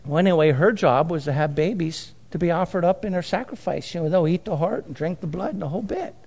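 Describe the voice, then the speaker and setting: A man's voice: on the high side, fast talker, darkish tone. A man preaching a sermon, emphatic, repeating and drawing out key phrases. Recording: long hall reverb.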